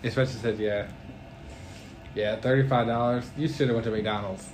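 A young man co-hosting a casual podcast, teasing his friend with quick reactions and jokes. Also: medium pitch, fairly even intonation. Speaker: podcast co-host. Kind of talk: casual chat.

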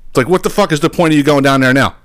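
A man's voice: on the high side, racing, no room sound, clean studio sound. A man hosting a podcast, ranting angrily and sarcastically about politics and swearing often. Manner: angry, sarcastic, swears a lot. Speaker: podcast host. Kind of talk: profane political rant.

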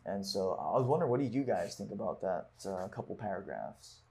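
A man's voice: low-pitched, very animated, fairly quick, creaky, mellow, a little hiss or hum. A man leading a book discussion, reading passages aloud and then reflecting on them with casual fillers. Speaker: discussion leader.

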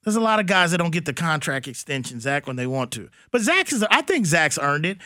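A man's voice: high-pitched, dry recording, clean studio sound. Blunt, slangy man on sports radio. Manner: animated, blunt, slangy, does mock voices. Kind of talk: casual sports talk.

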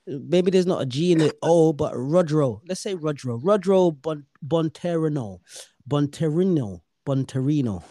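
A man's voice: a little high, normal speed, hardly any pauses, dark tone, dry recording, clean studio sound. A man hosting a casual podcast chat, bantering and swearing freely. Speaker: podcast host.

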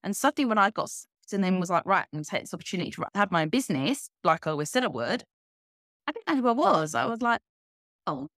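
A woman's voice: mid-range voice, quick pace, no echo, studio quality. A woman in her thirties, a coaching guest talking candidly and energetically in a casual podcast conversation. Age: 30s. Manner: candid, energetic, laughs easily.

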